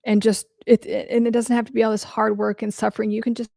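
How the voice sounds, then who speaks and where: Blunt, chatty woman with a gravelly edge. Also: a little high, level tone, quick pace, warm tone, dry recording, clean studio sound. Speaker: host answering viewer questions. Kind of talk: casual livestream Q&A.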